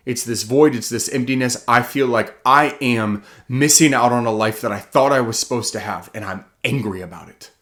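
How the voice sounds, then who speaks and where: A man with a fairly low voice speaks as an author giving a heartfelt motivational talk. He is earnest and keeps asking himself questions. He pushes some lines out loud and lets others drop to a hush. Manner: earnest, self-questioning, swings from loud to hushed.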